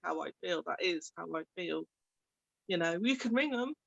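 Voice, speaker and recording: A woman's voice: lowish voice, lively intonation, normal speed, creaky, lo-fi sound, a crowd in the background. A young woman with a Birmingham accent, a parent talking casually in an interview and acting out what others say. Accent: Birmingham English. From England. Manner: chatty, acts out quoted speech, laughs often. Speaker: parent guest.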